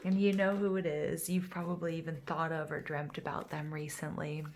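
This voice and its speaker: A woman giving a casual tarot reading to her viewers, gushing and excitable, full of fillers and a little out of breath. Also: sits low, moderate pace, background noise. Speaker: tarot reader.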